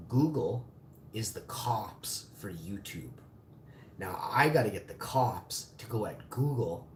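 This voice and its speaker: A man's voice: on the low side, darkish tone, slight background noise. A man in his forties ranting angrily on a live stream, cursing and bitter. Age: 40s. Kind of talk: angry live-stream rant. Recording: echoey room, faint ambience.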